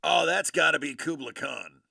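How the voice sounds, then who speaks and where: A man doing casual live-stream commentary while opening collectible cards, joking and reacting loudly. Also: a little high, normal speed, creaky, no echo, studio quality.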